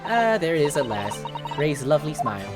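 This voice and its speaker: A man's voice: fairly high pitch, big pitch swings, fairly quick, over music. A man reading as a proud middle-aged father.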